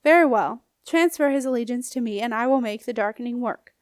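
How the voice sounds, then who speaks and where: Lady doing a sneery old ghost man, growly and snappy, kinda high voice, dry close sound. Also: a little fast, dry recording, lightly acted. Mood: menacing. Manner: sneering, bullying. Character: scornful old male ghost scribe, menacing. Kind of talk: audiobook character reading.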